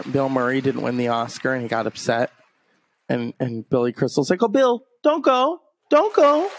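A man's voice: medium pitch, a little hiss or hum. A man hosting his own solo podcast, talking casually with profane, rambling, sarcastic asides. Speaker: podcast host. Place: home in the countryside.

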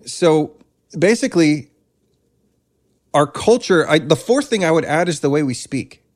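A man working as a breathwork coach, talking casually in an interview, animated and self-deprecating with frequent restarts. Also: on the high side, unhurried.

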